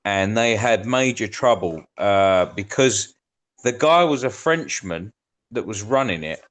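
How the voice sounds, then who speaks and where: A man's voice: on the low side, animated, a little slow, a bit bright. Swearing man telling stories. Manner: swearing, storytelling with acted quotes. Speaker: podcast host. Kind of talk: casual chat.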